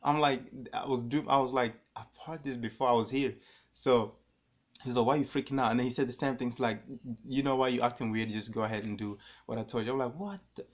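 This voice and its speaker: A man talks straight to his viewers in a loose, rambling way, circling back and repeating words as he goes. His voice sits at an ordinary middle pitch, and he gets animated when the story builds. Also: fast. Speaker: vlogger. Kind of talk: casual storytelling to camera.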